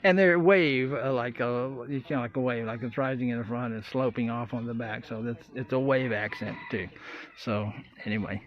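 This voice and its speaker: A man's voice: medium pitch, steady tone, normal speed, few pauses. A man giving a casual, rambling walkthrough of his boat-building work in an open-air workshop, with many fillers and folksy asides. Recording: dull lo-fi audio, loud roosters and traffic.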